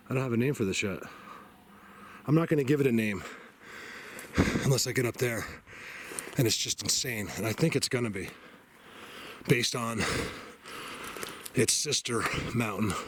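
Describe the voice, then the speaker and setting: A man's voice: mid-range voice, a little hiss or hum. A man filming himself hiking through mountain woods, chatting casually to viewers and sometimes out of breath. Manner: chatty, addresses viewers as "you guys". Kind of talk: casual narration while hiking. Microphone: handheld camera mic.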